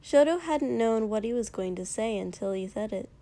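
A woman narrating a fan fiction story aloud in an even, unhurried storytelling voice. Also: on the high side.

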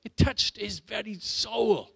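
Brief: man, middle-aged, church sermon, fairly high voice, theatrical loud-soft delivery. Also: slow pace, creaky, husky. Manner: dramatic, swings between loud urging and hushed low lines. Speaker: pastor.

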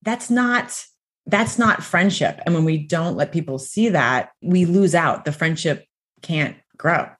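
A woman in her thirties, co-hosting a podcast, telling personal stories in an animated way with frequent laughs. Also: on the low side, unhurried. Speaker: podcast co-host. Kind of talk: casual podcast chat.

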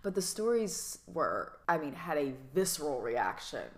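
A woman in her thirties from Atlanta, an actress chatting in an interview with a sassy, animated manner and frequent laughter. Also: low voice, unhurried. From Atlanta, US South. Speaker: actress guest. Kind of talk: casual interview chat.

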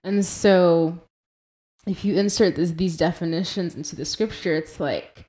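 Low, mellow-voiced woman podcast host. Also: unhurried. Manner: earnest, conversational, quotes and explains scripture; laughs at her own pronunciation. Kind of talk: Christian devotional podcast talk.

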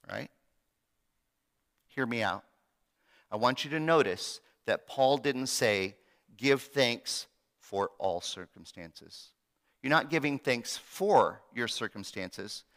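Bright-voiced preacher in a reverberant hall. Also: male voice, mid-range voice. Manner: dramatic, swings between loud and hushed. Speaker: pastor. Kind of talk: sermon.

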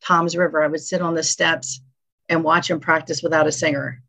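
A woman music executive, a guest on an interview show, telling animated stories and acting out what people said. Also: sits low, a little fast, creaky. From northeastern United States. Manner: animated storyteller, acts out quotes. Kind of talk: casual interview chat. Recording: dull lo-fi audio.

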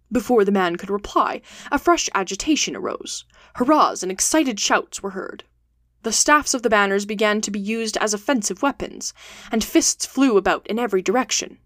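A woman reads a classic adventure novel aloud as host of a storytelling show. Her voice is mid-pitched and steady, with clear, expressive narration. The recording is dry and close, with no room sound. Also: no room sound.

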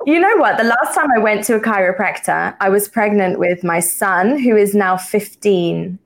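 A woman hosting a podcast, telling stories in a giggly, animated way. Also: medium pitch, normal speed. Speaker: podcast host. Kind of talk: casual interview chat.

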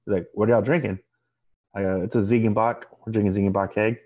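Low-voiced man telling a lively story. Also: quick pace. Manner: animated storyteller acting out both sides of a dialogue. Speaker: podcast co-host. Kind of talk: casual storytelling chat. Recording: dull lo-fi sound.

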